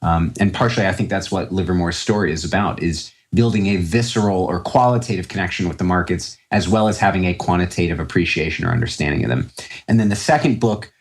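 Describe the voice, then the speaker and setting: Deep-voiced man, rambling interview guest. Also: fast talker. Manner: rambling, many fillers and restarts. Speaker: podcast guest, trader. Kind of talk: casual interview talk.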